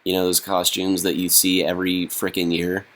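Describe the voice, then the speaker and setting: Deep-voiced deadpan young man. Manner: deadpan, halting with fillers. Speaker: comedy vlogger. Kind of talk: deadpan comedy monologue.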